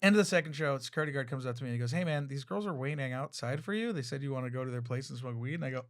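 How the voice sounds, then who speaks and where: A man's voice: mid-range voice, rapid-fire. A man, a guest comedian, telling profane anecdotes in casual chat with laughing asides.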